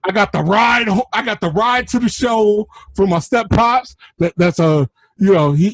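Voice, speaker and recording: A man from New telling stories in a casual chat, animated and profane, acting out what people said. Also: high voice, no echo. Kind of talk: casual storytelling.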